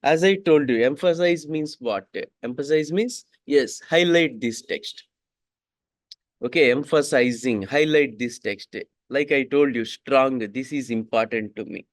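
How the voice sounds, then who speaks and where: Slow man repeating every line. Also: medium pitch, no echo, clean studio sound. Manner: repeats each sentence twice, slow and deliberate. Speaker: coding instructor. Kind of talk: classroom coding lesson.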